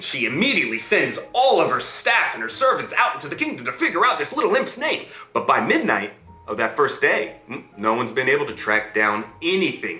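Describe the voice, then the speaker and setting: A man telling a fairy tale to an audience, animated and checking in with his listeners. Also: medium pitch, echoey room. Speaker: storyteller.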